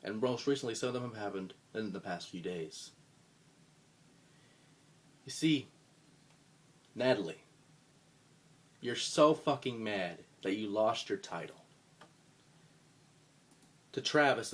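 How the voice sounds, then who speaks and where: A man cutting a scripted wrestling promo as a roleplayer, profane and contemptuous, swinging from low mutters to loud outbursts. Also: animated, takes it slowly, long pauses.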